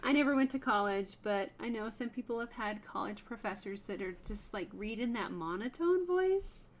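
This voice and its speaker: Woman with a slightly high voice, chatty craft stream host, laughs a lot and talks to chat. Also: expressive, normal speed. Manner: chatty, laughs often, talks to viewers by name. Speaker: host of a wood burning livestream. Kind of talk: casual livestream chat while working.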